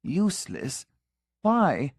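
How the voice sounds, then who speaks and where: Flustered storybook pastor, high cracking protests , a male narrator putting him on. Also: very animated, very slow, breathy edge, no echo, exaggerated voice. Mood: protesting. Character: flustered middle-aged male missionary pastor.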